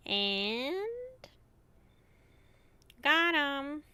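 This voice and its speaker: A woman streamer commenting on a game as she plays, excitable and quick to laugh and swear. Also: sits high, dry recording.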